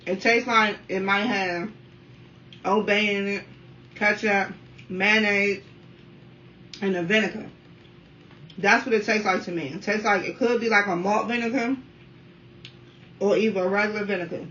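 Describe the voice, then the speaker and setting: A woman in her thirties from the Washington, D.C. area, chatting casually while eating on camera at home and keeping up a steady stream of remarks to her viewers. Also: medium pitch, normal speed, long pauses. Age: 30s. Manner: talkative, keeps addressing viewers as y'all. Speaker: mukbang vlogger. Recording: dull, slightly distant sound with faint room noise.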